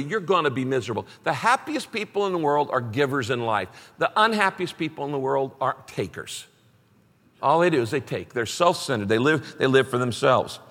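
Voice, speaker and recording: A middle-aged man delivers an emphatic sermon, repeating key phrases and reading scripture aloud. His voice sits a little high and swings widely in pitch. A long reverb from a large hall trails every line. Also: sharp tone. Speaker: pastor.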